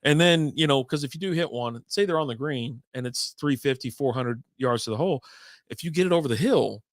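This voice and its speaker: A man co-hosting a casual podcast, telling golf stories with lots of laughter, acting out shouted quotes and swearing freely. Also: medium pitch, fairly quick, no echo, studio quality. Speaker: podcast co-host. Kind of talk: casual chat, storytelling.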